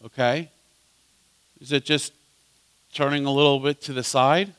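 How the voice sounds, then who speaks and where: A man teaching a Bible study as pastor, asking his listeners questions and swinging between loud emphasis and soft asides. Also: mid-range voice, fairly even intonation, unhurried, smooth.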